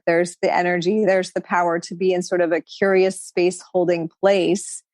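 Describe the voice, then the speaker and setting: Reflective woman with a low, dry voice. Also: little pitch movement, normal speed, hardly any pauses, a little mellow, no room sound. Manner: reflective, spiritual, speaks in flowing run-on thoughts with many "like"s. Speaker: podcast guest. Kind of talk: casual conversational interview.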